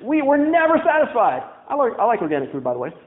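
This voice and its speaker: A young pastor from Louisiana, USA, preaches a sermon in a church, telling stories conversationally with wry asides. His voice is very high-pitched with wildly swooping pitch and a fast delivery, in a tinny, echoey church recording.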